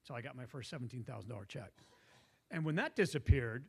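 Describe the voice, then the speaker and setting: A man's voice: medium pitch, lively intonation, fast, creaky, breathy edge. Rambling man telling stories. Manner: rambling, digressive, laughs often. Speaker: guest investor. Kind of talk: casual storytelling. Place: meetup room.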